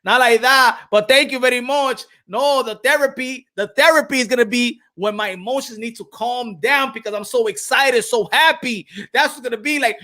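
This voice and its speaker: A man hosting a boxing channel, talking casually and excitedly on a livestream, trash-talking and laughing. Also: extremely high pitch, moderate pace, hardly any pauses.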